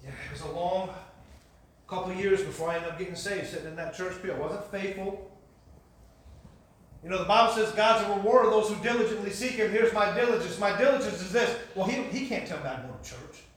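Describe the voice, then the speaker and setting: A man's voice: high-pitched, steady tone, fairly quick, a bit bright. A man giving his testimony as a sermon, with an emphatic, repetitive preaching cadence, in a church. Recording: echoey hall from far off, faint hiss.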